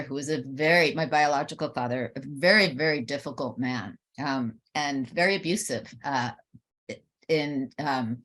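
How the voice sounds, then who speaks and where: A woman on a webinar panel, telling a candid personal story and getting animated when she quotes others. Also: low-pitched.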